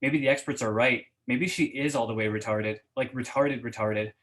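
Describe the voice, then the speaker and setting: Man reading dark fiction aloud. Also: mid-range voice, moderate pace, poor audio. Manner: steady first-person reading, hesitant with fillers when chatting. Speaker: guest reader.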